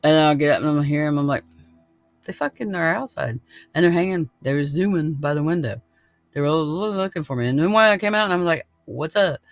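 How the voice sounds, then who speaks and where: A man's voice: on the high side, fast talker, no room sound, soft background music. A man hosting a podcast in casual chat, laid-back and laughing often, swearing freely. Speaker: podcast host.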